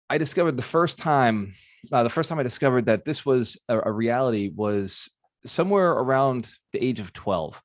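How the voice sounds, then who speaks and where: A man giving a motivational talk as a real estate mentor, animated and often asking his audience questions. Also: mid-range voice, no room sound, clean studio sound.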